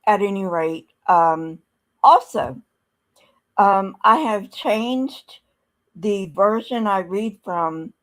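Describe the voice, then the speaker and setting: A woman hosting a podcast, reading scripture aloud and commenting bluntly, with many ums and pauses. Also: medium pitch. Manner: slow, halting, many ums, blunt and sardonic. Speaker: podcast host. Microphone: streaming setup mic.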